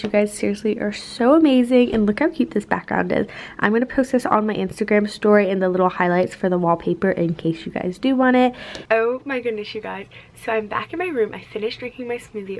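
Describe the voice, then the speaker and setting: A woman's voice: a little high, moderate pace, a little mellow, a little hiss or hum. A young woman chatting casually to camera in a vlog, bubbly and gushing, often saying "you guys" and "like". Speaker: vlogger.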